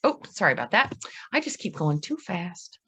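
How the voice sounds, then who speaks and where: Lively woman giving a dog-training lecture. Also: on the low side, breathy edge. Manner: lively, emphatic, talks fast at times. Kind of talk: seminar lecture.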